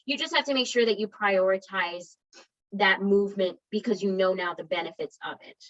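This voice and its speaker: A woman's voice: medium pitch, normal speed, a bit bright, highs cut off. A woman wellness coach giving a conversational motivational talk to an online group, encouraging and often checking in with her listeners.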